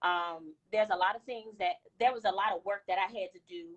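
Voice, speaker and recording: A woman's voice: medium pitch, a little fast. Woman caller on dull lo-fi audio. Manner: frank, reflective. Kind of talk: casual chat.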